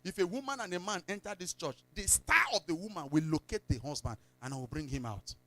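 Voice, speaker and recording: A man with a Nigerian accent preaching a sermon in church, telling stories, slipping into pidgin and breaking into sudden shouts. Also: a little high, fairly quick, dry recording. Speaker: pastor.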